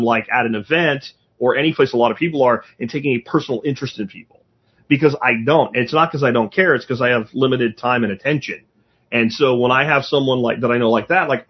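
A man's voice: medium pitch, husky, muffled recording. A man talking in a blunt, rambling, profane way in a casual podcast chat.

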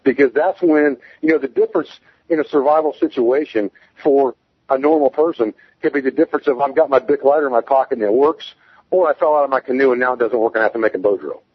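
A man's voice: mid-range voice, fast, slightly rough, no room sound, highs cut off. A man speaking as a guest in a casual interview, plain-spoken and emphatic as he explains survival skills.

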